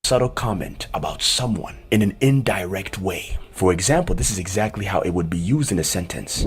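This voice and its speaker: A man's voice: sits low, expressive, a little fast, hardly any pauses, noisy background. A man explaining a lesson methodically, step by step, as an online language instructor. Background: background music.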